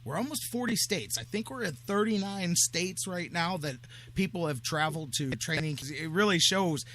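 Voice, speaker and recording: A man hosting sports talk radio with a fairly high, bright and forceful voice. He talks casually, jokes around and drifts into quick asides. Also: expressive. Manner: chatty, joking, quick asides.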